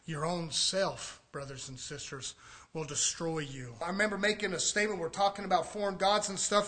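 A man preaching a fiery sermon, swinging from shouted peaks down to low, hushed lines.

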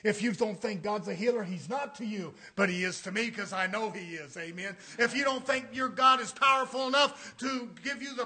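A male preacher with a strikingly high, bright, cutting voice. He delivers his sermon in folksy Southern phrasing. He swings between fiery shouted declarations and quiet, confiding asides. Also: normal speed, few pauses.

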